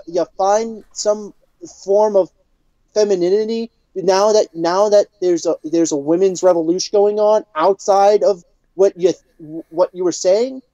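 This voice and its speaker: A woman's voice: medium pitch, dark tone, no room sound. Furious swearing woman ranting. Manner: furious, heavy swearing, stammering restarts. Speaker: podcast co-host. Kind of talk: angry profane rant. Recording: dull lo-fi podcast audio.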